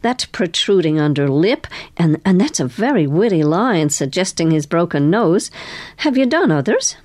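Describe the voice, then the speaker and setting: A woman's voice: fairly low pitch, very animated, normal speed, darkish tone, dry recording. Brief: woman reading a curious, kindly older lady who hesitates a little, dry close sound. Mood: admiring.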